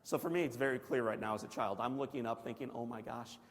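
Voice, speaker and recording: A man from Missouri giving a personal testimony as a Christian guest speaker, telling his story dramatically, swinging from loud excited bursts to hushed near-whispers and asking the audience questions. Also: mid-range voice, fast talker. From Missouri, USA. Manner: asks the audience direct questions. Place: large banquet hall. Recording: long hall reverb from a large room.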